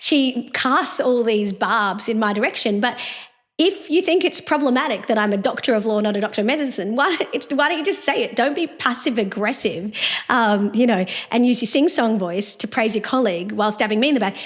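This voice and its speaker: A woman's voice: on the high side, lively intonation, brisk. Give me an emphatic, scornful woman hosting political commentary. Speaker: host and law professor.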